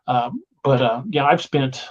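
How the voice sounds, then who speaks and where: A man tells stories about the woods in a loose, rambling way, restarting and repeating himself. His voice sits at an average pitch. The recording is dull and lo-fi. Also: a little slow. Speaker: guest. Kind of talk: casual storytelling. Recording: dull lo-fi sound.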